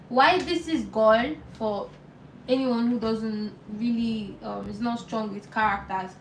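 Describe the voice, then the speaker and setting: A woman teaching a live online beginner lesson, patient and repeating words slowly for learners. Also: fairly high pitch, roomy sound, recorded from a distance, slight background noise, low-quality recording. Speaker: language teacher.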